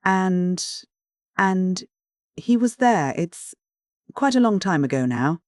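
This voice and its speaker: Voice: medium pitch, slow pace, darkish tone, dry recording, studio quality. A reader voicing a young woman in love who speaks nervously and hesitantly.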